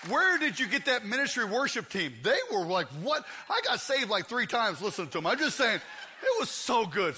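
A man preaching a lively, joking sermon in a church, often shouting out to the crowd. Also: very high voice, normal speed, husky. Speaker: guest preacher. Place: church sanctuary.

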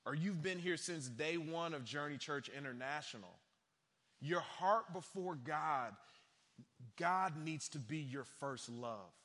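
A young adult man preaching a sermon from a church stage, animated, acting out quotes in other voices. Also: a little high. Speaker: pastor. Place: large church hall. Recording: long hall reverb.

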